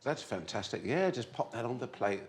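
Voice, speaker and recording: A man's voice: medium pitch, sing-song, a little fast, slight background noise. A man in his sixties, hosting a TV cooking show with exuberant, laughing, sing-song chat. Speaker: TV cookery host.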